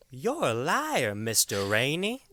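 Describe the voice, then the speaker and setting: A man voicing a menacing stalker who drags out slow, rising threats. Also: mid-range voice, huge pitch swings, pushed and bright, no echo, heavily acted.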